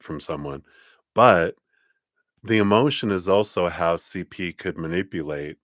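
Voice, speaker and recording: A man's voice: deep voice, a bit bright, no room sound, clean studio sound. A man giving a live-streamed tarot reading in a chatty way, laughing often and using many fillers. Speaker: tarot reader.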